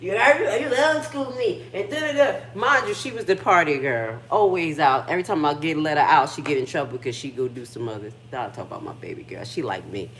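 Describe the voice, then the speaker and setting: A woman's voice: low voice, lively intonation, a little fast, hardly any pauses, a little hiss or hum. A middle-aged woman, hosting a casual livestream chat from her kitchen and talking candidly with frequent swearing. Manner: candid, profane, emotional storytelling. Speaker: livestream host.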